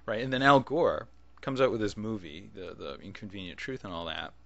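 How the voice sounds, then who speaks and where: Low-voiced man rambling on a dull webcam mic. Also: a little fast, vocal fry, dry recording. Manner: rambling, self-interrupting with chuckles. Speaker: video blogger. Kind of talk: casual video response.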